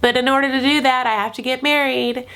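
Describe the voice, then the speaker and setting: A woman's voice: high voice, fairly even intonation, fast talker, pushed and bright, clear, resonant tone, pitched above the performer's own voice. A woman putting on the voice of a naive, starry-eyed young American woman and talking in a breezy, chatty way.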